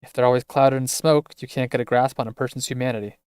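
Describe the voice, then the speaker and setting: A man voicing a guarded, easygoing man from a game, reading his lines in a low, slightly teasing way. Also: fairly even intonation, quick pace, a little mellow, smooth, no echo, clean studio sound, natural voice. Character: guarded, laid-back adult man with secrets.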